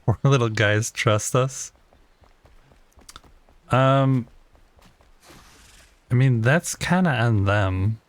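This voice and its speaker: A man's voice: mid-range voice, extremely slow, pauses often, no echo. A man livestreaming a game, casually chatting with his viewers and teasingly talking to the creatures he meets.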